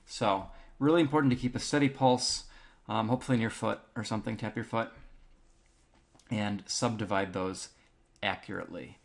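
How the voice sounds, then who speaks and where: A male band teacher calmly walking students through a piece, counting beats aloud with frequent ums. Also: fairly low pitch, moderate pace, vocal fry. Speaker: music teacher. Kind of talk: instructional walkthrough.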